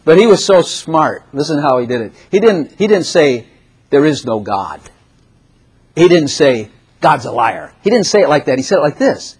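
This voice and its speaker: Animated, breathy-voiced male preacher. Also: on the high side, a little fast, hardly any pauses. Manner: animated, laughing, acts out voices of figures. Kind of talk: sermon.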